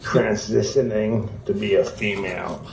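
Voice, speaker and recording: A man trolling a streamer with slow, mocking insults. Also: fairly low pitch, steady tone, creaky, a little mellow, a little hiss or hum. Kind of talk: trolling banter. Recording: roomy, distant, faint ambience.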